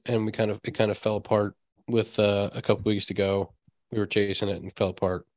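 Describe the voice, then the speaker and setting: A man's voice: fairly low pitch, a little mellow, no echo. A young man hosting a casual podcast, talking over a baseball season in a downbeat, reflective way. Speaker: podcast host and baseball player. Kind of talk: casual chat.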